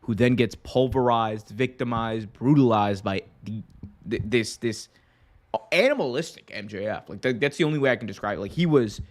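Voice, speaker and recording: A male podcast host chats through a casual recap at an ordinary, mid-range pitch. He talks in a rambling, excitable way, piling on filler words as his thoughts run ahead. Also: normal speed. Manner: rambling and excitable, heavy use of "like". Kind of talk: casual wrestling recap and fan questions.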